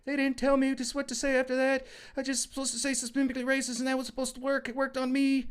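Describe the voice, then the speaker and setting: A squeaky, whiny kid voice, put on by a man in a casual rant. It sounds flustered and helpless, pushed far above his usual pitch. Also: completely flat delivery, fast talker, clear, resonant tone.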